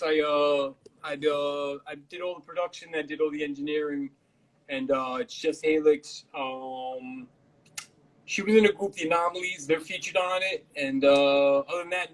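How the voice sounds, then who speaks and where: A man's voice: a little high, moderate pace, fairly bright tone. A man, a rapper and producer, chatting loosely on a live interview, laid-back and swearing freely. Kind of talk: casual livestream chat. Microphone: livestream.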